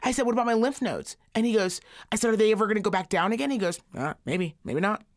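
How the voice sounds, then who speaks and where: A woman in her thirties co-hosting a podcast, telling a story in a profane, animated way and acting out the quotes. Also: on the high side, racing. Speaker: podcast co-host. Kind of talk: casual storytelling chat.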